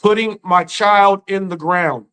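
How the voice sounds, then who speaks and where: A man with a fairly high voice, grieving as he talks on a live stream. His delivery is earnest and halting, full of restarts and repeated words, as in an unscripted emotional talk. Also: fairly bright tone, clean tone, rough recording. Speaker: live-stream commentary host.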